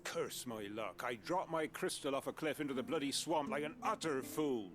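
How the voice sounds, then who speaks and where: A man's voice: mid-range voice, moderate pace, a bit bright, a little hiss or hum, close to an everyday voice. An actor playing a sheepish fisherman villager in a video game, wheedling and rambling. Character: sheepish middle-aged male fisherman villager.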